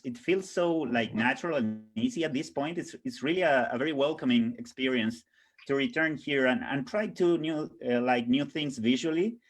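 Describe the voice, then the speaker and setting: A man talking earnestly as a panel guest, often pausing to search for words. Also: medium pitch. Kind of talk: casual panel chat. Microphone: video call.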